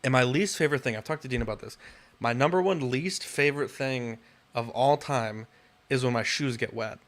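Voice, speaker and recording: A man's voice: mid-range voice, moderate pace, fairly bright tone. Young man, podcast co-host, casual storytelling, frustrated and profane. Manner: exasperated, swears a lot, rants with rising outbursts.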